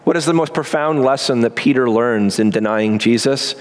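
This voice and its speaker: A man preaching a sermon as pastor, earnest and emphatic, with quick asides and slow pauses. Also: medium pitch.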